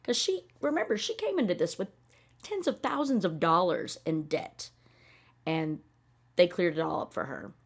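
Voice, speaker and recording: A woman's voice: on the low side, expressive, normal speed, vocal fry, slightly rough. A woman commenting on a reality show in a blunt, sarcastic, swearing rant. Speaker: reaction video host.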